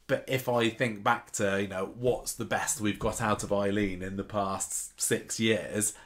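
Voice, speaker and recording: A man's voice: on the low side, fairly even intonation, a little slow, fairly bright tone. A man in casual podcast chat, thinking aloud and quoting characters as he goes. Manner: musing, with frequent restarts and quoted dialogue. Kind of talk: casual chat about a soap opera.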